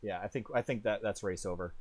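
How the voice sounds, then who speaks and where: A man calling an online truck race as lead commentator, chatty and self-deprecating, jumping up in pitch when the action picks up. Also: fast, a little mellow, dry recording. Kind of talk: sim racing play-by-play commentary.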